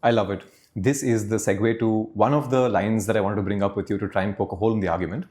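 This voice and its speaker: A man's voice: on the low side, steady tone, fast talker, a little mellow. A man hosting a podcast, asking long questions that think aloud, with fillers and side remarks. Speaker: podcast host. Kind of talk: conversational podcast interview.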